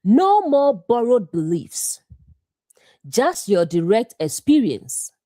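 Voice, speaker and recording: A woman giving a scripted devotional Bible teaching, speaking in short, deliberate phrases with a measured delivery. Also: on the high side, very animated, dark tone, no room sound, studio quality.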